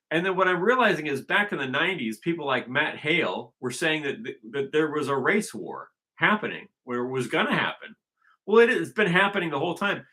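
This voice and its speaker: A man's voice: on the high side, bright, forceful tone. A man talking in a casual unscripted monologue, rambling and emphatic, often circling back to restate his point. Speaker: vlogger.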